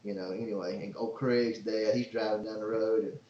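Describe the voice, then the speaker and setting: A man hosting a podcast, telling a long story in a casual, excitable, rambling way. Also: on the low side, moderate pace, a little hiss or hum. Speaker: podcast host and father. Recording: roomy, slightly dull sound.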